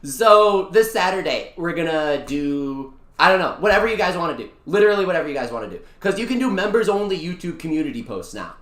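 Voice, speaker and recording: Excitable young-adult streamer, bright and bouncy pitch, roomy echoey sound; slangy live-stream chat. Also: fast talker, few pauses. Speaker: VTuber streamer. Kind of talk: casual live-stream chat over a mobile gacha game. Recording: echoey room.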